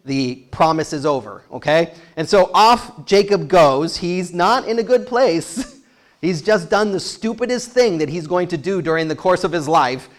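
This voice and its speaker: A male pastor preaching to his congregation, telling the story in a lively, conversational way with frequent chuckles and playful asides. His voice sits a little high for a man. He jumps between quoted voices and plain explanation. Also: unhurried. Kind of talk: sermon.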